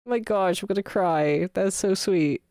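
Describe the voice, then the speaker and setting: Slow-talking woman streamer, dry sound. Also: mid-range voice, darkish tone, no room sound. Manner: chatty, talks to viewers, gushes at thanks. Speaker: livestreamer. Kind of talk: casual gaming livestream chat.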